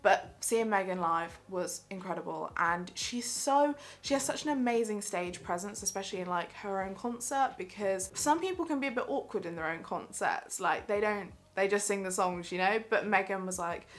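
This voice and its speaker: A woman's voice: mid-range voice, normal speed, few pauses. Gushing young woman vlogging. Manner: gushing, enthusiastic, chatty. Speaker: theatre vlogger. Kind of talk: casual vlog chat.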